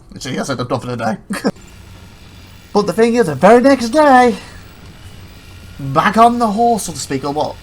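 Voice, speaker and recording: A let's play host giving casual gameplay commentary, rambling and self-correcting, retelling a mishap with excitement and laughs. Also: medium pitch. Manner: chatty, excitable storytelling with laughs.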